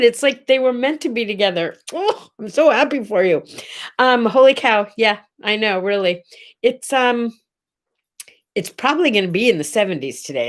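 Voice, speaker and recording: A middle-aged woman hosting a casual live morning chat, rambling and greeting viewers by name. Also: fairly high pitch. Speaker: host.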